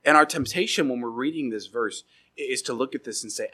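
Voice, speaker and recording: A man delivering a sermon from the pulpit, bright and forward in tone with a husky edge. He talks animatedly and slips into quoted voices to make his points. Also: medium pitch, brisk, poor audio. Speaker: pastor.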